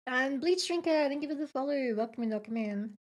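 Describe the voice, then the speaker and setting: Reading viewer comments during a gaming stream, an Australian woman chats casually, giggling and rambling with plenty of fillers and restarts. Her voice sits high with lively intonation and a fairly quick pace.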